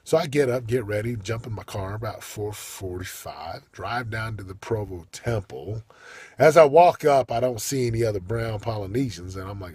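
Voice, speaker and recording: Emphatic husky-voiced man coaching. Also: lowish voice, animated, moderate pace, no room sound. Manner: emphatic, preachy, with big swings in loudness. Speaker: motivational coach. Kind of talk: motivational monologue.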